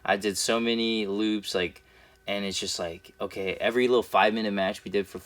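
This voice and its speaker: A young man, a professional wrestler, telling a story in a casual interview and acting out the scenes as he goes. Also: on the low side. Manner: lively storyteller who acts out scenes, with fillers and quick restarts.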